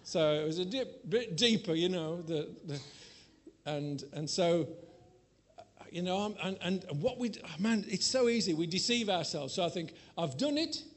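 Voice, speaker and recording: A man preaching to a congregation and telling a candid personal story with self-mocking humor and sudden changes in loudness. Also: high voice, moderate pace. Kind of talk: sermon.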